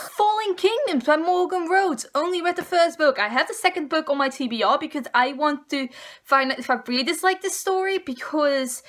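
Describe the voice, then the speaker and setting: Young woman, high-pitched, exasperated, ranting, casual review vlog. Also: fairly bright tone. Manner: exasperated, ranting, dramatic sighs. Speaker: book vlogger. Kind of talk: casual book review monologue.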